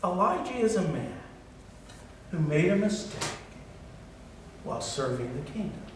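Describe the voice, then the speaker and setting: A middle-aged man preaching a blunt sermon as pastor, going from loud, forceful passages down to soft, quiet ones. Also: sits high, very animated, measured pace, a little hiss or hum. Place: church sanctuary. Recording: echoey hall from far off.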